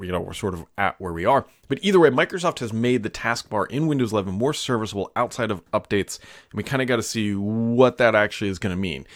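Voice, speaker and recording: A man's voice: mid-range voice, dry recording, studio quality. A man hosting a casual solo tech news show, chatty and offhand, with frequent fillers and asides.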